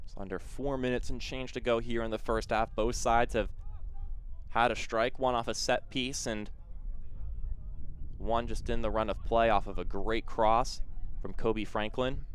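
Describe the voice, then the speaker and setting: A man calling a live soccer match play-by-play in a steady, conversational way, filling quiet stretches with background chat about the teams. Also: mid-range voice, measured pace, clear, resonant tone. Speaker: play-by-play commentator.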